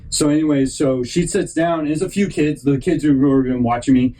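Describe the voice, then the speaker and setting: A man's voice: fairly high pitch, steady tone, brisk, warm tone, rough recording. A man hosting a podcast, telling a long rambling story and acting out other people's lines in put-on voices. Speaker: podcast host.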